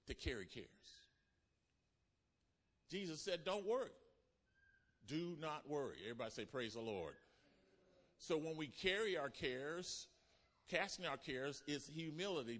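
Male pastor, sermon delivery, call-and-response, drops from emphatic to near-hushed; long hall reverb. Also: medium pitch.

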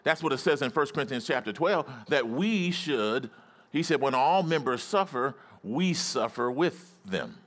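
A man preaching a sermon as pastor in a church, calling out to the congregation and rising into excited shouts. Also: mid-range voice, measured pace. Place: church sanctuary.

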